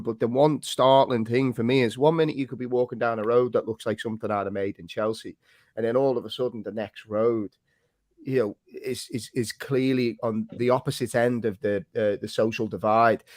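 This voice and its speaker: A man's voice: on the low side, a little mellow, no echo, studio quality. Chatty man in his late thirties hosting. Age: 30s. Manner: chatty, reads out viewer comments. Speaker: podcast host. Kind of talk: casual chat.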